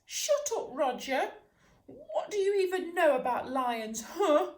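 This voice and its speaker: A woman voicing a small, eager young male poodle who dreams of being a lion, talking in an excitable, boastful way. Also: high voice, takes it slowly, reverberant, far from the mic, pitched above the performer's own voice. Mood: indignant.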